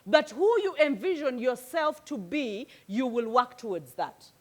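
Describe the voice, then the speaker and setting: A woman giving a motivational talk, lively and conversational as she speaks straight to her audience. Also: sits high, a little slow. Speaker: life coach and channel host.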